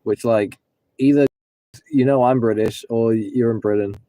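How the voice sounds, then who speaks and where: Mellow rambling young man on a livestream. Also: mid-range voice, steady tone, measured pace, no room sound. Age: 20s. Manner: rambling, talks to chat viewers, breaks into singing. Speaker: livestreaming rideshare driver. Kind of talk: casual livestream chat. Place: in a car.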